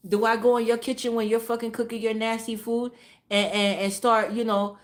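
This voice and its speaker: A woman's voice: on the high side, steady tone, brisk. A woman streamer telling a casual story, swearing freely and repeating phrases for emphasis. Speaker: live streamer.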